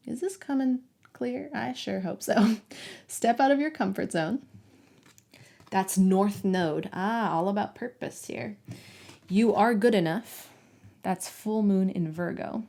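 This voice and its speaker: Woman tarot reader, soft, affectionate, speaks straight to the listener, middle pitch. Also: animated, slow pace, creaky, long pauses. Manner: soft, affectionate, talks directly to the viewer. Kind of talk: collective tarot reading.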